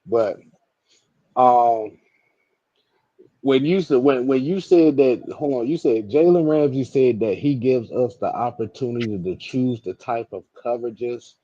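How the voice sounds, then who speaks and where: A man's voice: medium pitch, measured pace, dark tone, no room sound, muffled recording. Laughing man reading a live chat. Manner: laughs often, repeats words while thinking. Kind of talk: casual live-stream sports talk.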